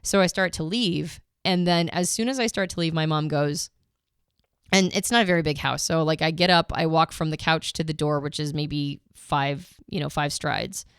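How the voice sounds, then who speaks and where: A woman's voice: deep voice, steady tone, moderate pace, smooth, dry recording, clean studio sound. A woman co-hosting a podcast, casually retelling a personal story, emotional and full of restarts and asides. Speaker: podcast co-host.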